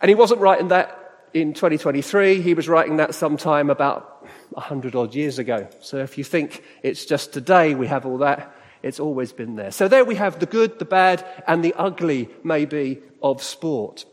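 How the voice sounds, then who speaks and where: A man's voice: a little high, normal speed. Chatty middle-aged man speaking in a hall. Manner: chatty, conversational, asks the audience questions. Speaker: church speaker. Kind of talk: sermon-style talk. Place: church hall. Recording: reverberant hall.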